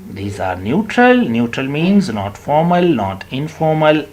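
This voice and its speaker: A man with a Pakistani English accent teaching an online spoken English lesson, slowly repeating words and modeling their stress with deliberate emphasis. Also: fairly high pitch, big pitch swings, darkish tone.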